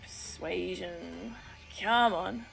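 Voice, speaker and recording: A woman's voice: fairly low pitch, drawn-out words, vocal fry, fairly bright tone, soft background music. A young woman playing a tabletop game, casual and hesitant with lots of ums. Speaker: player.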